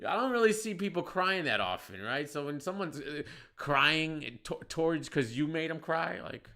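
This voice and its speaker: A man telling a story in casual podcast chat, animated and profane, getting loud when he acts out shouting. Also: on the high side, normal speed. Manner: profane, slangy. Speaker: podcast host.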